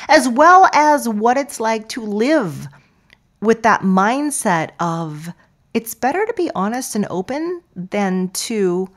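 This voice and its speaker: A woman hosting a podcast, talking in a playful, expressive way and sometimes dropping to a soft near-whisper. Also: medium pitch. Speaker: podcast host. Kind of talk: podcast intro monologue.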